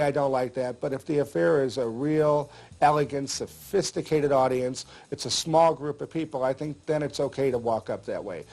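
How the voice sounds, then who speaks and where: A man's voice: mid-range voice, a little mellow. An older man explaining magic tricks in a chatty, jokey way, with frequent filler words. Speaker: magic instructor. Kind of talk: casual instructional talk.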